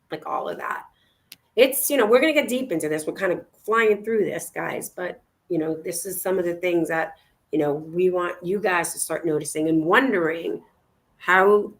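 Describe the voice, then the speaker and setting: A woman's voice: fairly low pitch, a bit bright. A woman co-hosting a casual talk show, speaking energetically and encouraging her listeners. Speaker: co-host. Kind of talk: casual chat.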